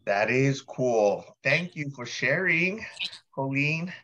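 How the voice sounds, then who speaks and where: A man hosting a group update call, praising members with many fillers and pauses. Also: mid-range voice, lively intonation, bright, forceful tone, dull audio, a little hiss or hum. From Hawaii. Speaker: call host.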